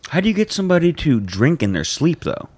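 A man's voice: on the high side, wildly swooping pitch, fast talker, husky, no echo. A young man co-hosting a podcast, chatting casually and throwing in joking, skeptical questions. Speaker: podcast co-host. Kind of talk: casual chat.

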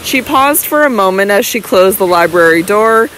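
A woman reading a classic novel aloud as an audiobook narrator in even, measured storytelling. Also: mid-range voice, slight background noise, low-quality recording. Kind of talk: scripted narration.

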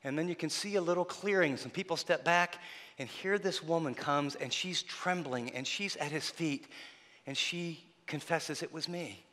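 A man preaching a sermon, telling the story dramatically and swinging between loud passages and hushed ones. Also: a little high, moderate pace, in a large hall. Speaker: pastor.

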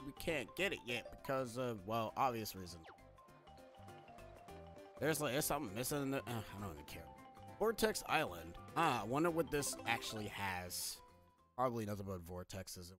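A man casually commenting while playing a game on a live stream, chatty and rambling, with wry asides. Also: mid-range voice. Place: home streaming setup. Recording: game music playing behind.

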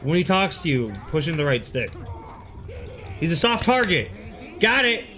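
A man streaming a video game with a friend, cursing, yelling at enemies and giggling through rambling asides. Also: fairly high pitch, moderate pace, faint music behind. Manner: excitable, yells and curses at the game. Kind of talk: casual gaming stream chat.

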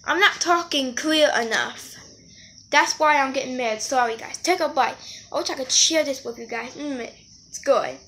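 High-pitched girl chatting thru a snack vlog, mouth full, fixing her own words, faint hiss behind. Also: normal speed, pushed and bright. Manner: chatty, talks while eating, corrects herself. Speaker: vlogger. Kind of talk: casual eating vlog.

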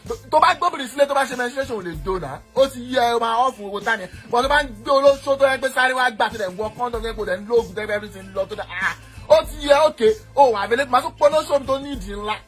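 A man with a Nigerian accent, mixing Pidgin and Yoruba, ranting loudly and boastfully, now and then shouting or slipping into a sing-song. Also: very high voice, very fast, faint music behind. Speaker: eyewitness in a played clip. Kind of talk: heated rant.

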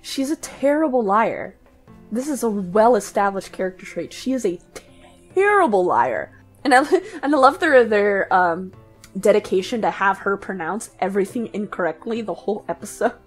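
A woman co-hosting a podcast in casual discussion, chatty and quick to laugh. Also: mid-range voice, husky, faint music behind. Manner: chatty, laughs often, lots of "like" fillers. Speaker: podcast co-host.

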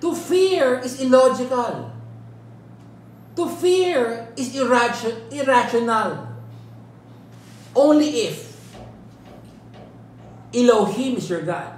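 A woman's voice: fairly high pitch, animated, takes it slowly, pauses often, a little mellow, a little hiss or hum. A woman leading a Bible study, emphatic and full of rhetorical questions, checking in with "right?". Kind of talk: interactive Bible teaching. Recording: echoey room with faint ambience.

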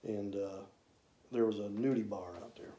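A man, casually telling rambling, folksy stories about his old hunting camps, with drawn-out "uh" fillers. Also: lowish voice, fairly even intonation, dark tone. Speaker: hunter reminiscing. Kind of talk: casual storytelling. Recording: roomy echo.

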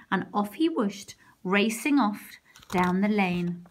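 A woman teacher reading a storybook aloud for children, expressive and gentle, pausing to ask the listeners questions. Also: medium pitch.

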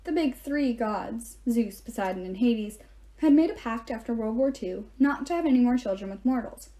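A woman reads a novel aloud in a steady, storytelling first-person voice. Her tone is slightly high and warm, and her delivery stays even. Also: moderate pace. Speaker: reader.

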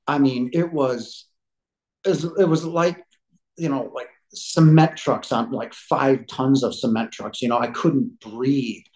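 A man's voice: mid-range voice, steady tone, a little slow, darkish tone, poor audio. A man in his fifties, a podcast guest telling a personal story at home, rambling and often saying "you know". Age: 50s. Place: living room couch at home.

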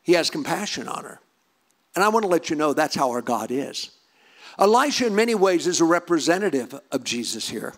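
A man preaching a sermon in a high voice that swoops up and down. He presses into fervent, near-shouted emphasis as he exhorts his congregation. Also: very animated, brisk. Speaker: pastor.

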